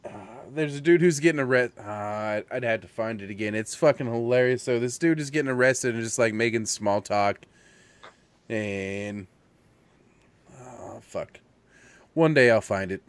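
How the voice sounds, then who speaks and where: Man, casual host, swears a lot, mid pitch, dry close sound. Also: measured pace, clear, resonant tone, no echo. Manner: loose, swearing, laid-back. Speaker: show host. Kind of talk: casual late-night stream chat. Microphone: video call mic.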